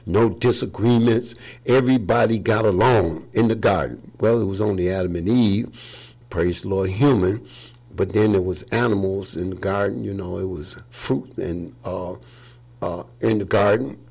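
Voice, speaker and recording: A man's voice: lowish voice, unhurried, vocal fry, darkish tone, breathy edge. A man preaching an informal sermon in a folksy, rambling way, often saying "praise the Lord.". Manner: rambling, with many fillers.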